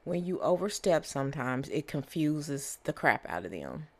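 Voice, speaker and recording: Low-voiced woman giving a tarot reading. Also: sing-song, moderate pace, darkish tone. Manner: repetitive, conversational, many fillers and "okay?". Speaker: tarot reader. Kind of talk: casual channeled tarot reading.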